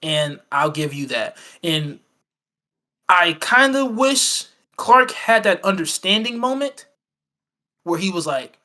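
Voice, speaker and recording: A man's voice: sits high, animated, moderate pace, pushed and bright. A man co-hosting a casual film review chat, rambling and acting out quoted lines with many fillers and restarts. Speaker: podcast co-host.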